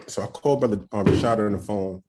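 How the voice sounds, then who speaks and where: A young man telling a personal story on a podcast, excited and nervous, acting out what others said and checking in with "right?". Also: fairly low pitch, fairly quick, slightly rough. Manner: excited, acts out quoted voices, frequent "right?". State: nervous, shaking. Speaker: podcast guest. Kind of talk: storytelling testimony.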